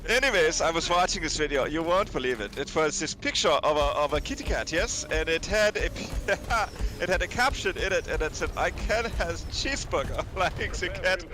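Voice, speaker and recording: A man's voice: on the high side, lively intonation, over music, voice pushed up, natural voice. A man putting on a German accent to play a naive, easily amused German office worker who keeps chuckling. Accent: put-on German. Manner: giggly, halting, chuckles through his story.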